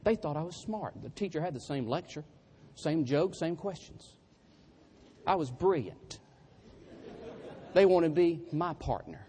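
A man's voice: a little high, animated, unhurried, long pauses, mellow, a little hiss or hum. Folksy preacher man. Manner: folksy, self-deprecating storyteller. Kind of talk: humorous storytelling sermon.

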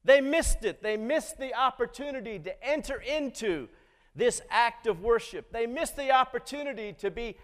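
A man preaching a sermon in a measured way, often putting questions to the congregation. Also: very high-pitched, animated, a bit bright, in a large hall. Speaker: pastor.

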